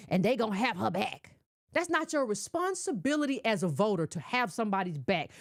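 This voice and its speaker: Sassy scolding woman, high and lively. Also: no echo, studio quality. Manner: sassy, scolding, rhetorical questions. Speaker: political commentator. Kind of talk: casual political monologue.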